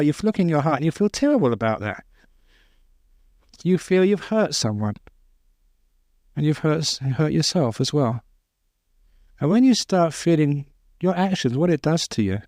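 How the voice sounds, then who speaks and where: A man, a Buddhist monk, giving an informal dharma talk, telling stories with gentle humor and chuckling at his own jokes. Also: a little high, no echo, clean studio sound. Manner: conversational storytelling, with restarts. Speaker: Buddhist monk teaching meditation.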